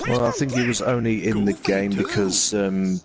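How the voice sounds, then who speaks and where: A man commentating casually over gameplay, sharing trivia in a relaxed, halting way. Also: on the low side, a crowd in the background. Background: game music.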